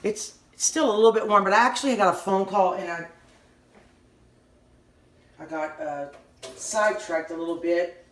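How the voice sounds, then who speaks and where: A middle-aged woman with a Southern US accent giving a casual kitchen how-to, rambling and halting, often stopping mid-sentence to restart. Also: mid-range voice, fairly bright tone, a little hiss or hum. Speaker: home cooking channel host.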